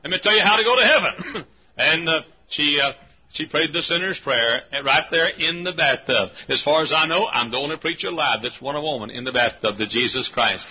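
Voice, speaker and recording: An older man from Texas, a pastor, telling folksy sermon anecdotes with frequent chuckles and loud acted-out quotes. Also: a little high, moderate pace, breathy edge, lo-fi sound. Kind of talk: sermon storytelling.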